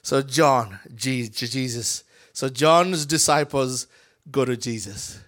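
A man preaching a sermon in a church with a Ugandan accent, swinging between shouts and whispers and acting out the people in his story. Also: medium pitch, takes it slowly. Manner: animated, swings from shouting to whispering, acts out voices.

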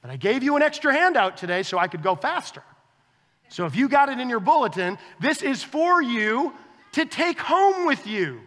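A man preaching a sermon as a pastor, conversational and animated, acting out quoted dialogue with his wife. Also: very high-pitched, moderate pace, big-room sound.

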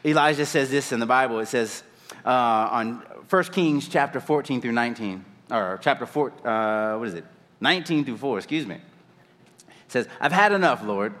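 A man preaching a sermon in a church, retelling a story in an animated, conversational way. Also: mid-range voice, moderate pace, big-room sound. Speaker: pastor.

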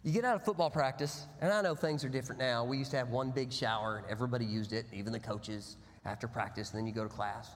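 A man preaching a sermon as pastor, telling stories with big swings between loud bursts and hushed, low passages. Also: fast talker, hardly any pauses. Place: church sanctuary. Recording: long hall reverb.

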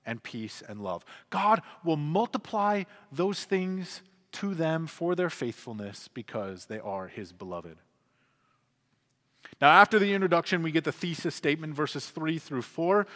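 A man's voice: a little high, a bit bright. A man in his thirties preaching a sermon as a pastor, earnest and conversational, with emphatic swells. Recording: long hall reverb.

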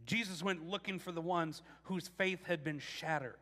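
A man preaching a casual, animated sermon, restarting phrases often and acting out quotes. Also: on the high side, moderate pace, big-room sound. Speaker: pastor.

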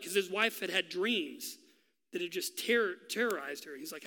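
A male pastor preaching a sermon, telling a story with drama and dropping to a hush for key lines. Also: high-pitched, lively intonation, normal speed, in a large hall. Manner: dramatic storytelling, swinging from loud to hushed.

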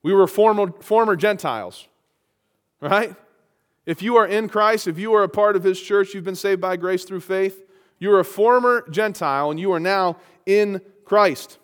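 A man's voice: sits high, normal speed, fairly bright tone, clear, resonant tone. A man preaching a sermon, reading scripture aloud and rising to emphatic peaks. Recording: long hall reverb.

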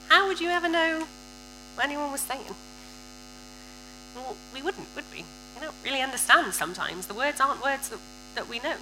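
Bright-voiced woman preaching. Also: sits high, slight background noise, low-quality recording. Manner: warm storytelling with frequent laughs, lively and animated. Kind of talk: sermon.

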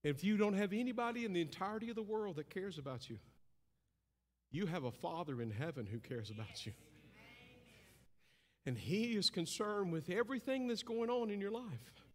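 A man preaching a sermon with impassioned delivery, rising high and loud, then dropping low and hushed. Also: moderate pace. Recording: long hall reverb.

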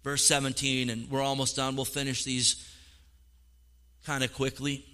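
A middle-aged male pastor preaching a sermon in an animated way, acting out quoted voices and repeating words as he goes. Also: mid-range voice, moderate pace.

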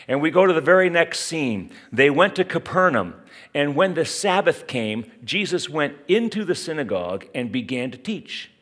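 A male pastor giving a sermon in an animated, conversational way, turning to his listeners with asides. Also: a little high, moderate pace.

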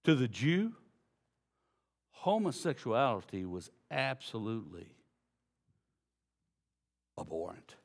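A man preaching a sermon, folksy and direct with the congregation, swinging from low, quiet passages to loud emphasis. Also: big pitch swings, slow pace, vocal fry, long pauses. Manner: folksy, addresses congregation as y'all. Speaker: pastor.

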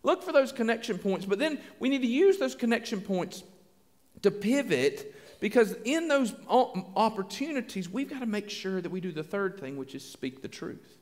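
Male pastor, high-pitched, folksy and lively, reverb of a large church hall. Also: normal speed. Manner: folksy, animated, acts out little dialogues. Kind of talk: sermon.

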